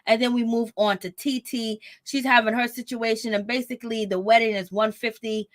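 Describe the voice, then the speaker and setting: High-voiced woman dishing casual gossip. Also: a little fast. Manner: animated, laughing, blunt and profane. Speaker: commentator on a reality show. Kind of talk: casual reaction commentary.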